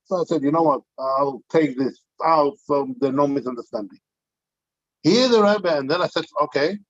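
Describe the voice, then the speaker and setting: Older man, rabbi, storytelling talk, anecdotal, fairly high pitch, dull recording. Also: normal speed. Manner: anecdotal, with frequent restarts. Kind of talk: storytelling talk to a community gathering.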